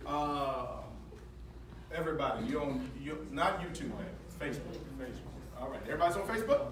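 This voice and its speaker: A man giving an energetic, preacher-like motivational talk at a sales training, leading call-and-response and joking with the audience. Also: a little high, a little fast. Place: large hall with a live audience. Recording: echoey hall with crowd noise, from far off.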